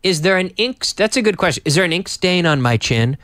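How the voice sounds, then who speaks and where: Man, teacher, live lesson host, slightly high voice, very animated pitch, patient repetition. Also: dry recording, studio quality. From Canada. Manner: upbeat and teacherly, repeats phrases slowly for learners. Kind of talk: live-streamed English lesson.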